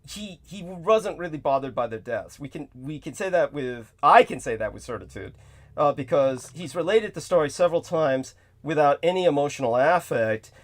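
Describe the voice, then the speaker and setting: A man's voice: fairly high pitch, expressive, moderate pace, few pauses. Emphatic male talk-show host. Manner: emphatic, repeats himself, addresses listener by name. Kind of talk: casual call-in chat.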